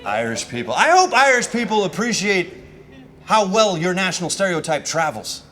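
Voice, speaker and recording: An American stand-up comedian from Washington DC performs a set on a comedy festival stage, telling stories in an animated, exasperated way and acting out snippets of dialogue. His voice sits high at a normal speed, and the live club recording picks up a laughing audience.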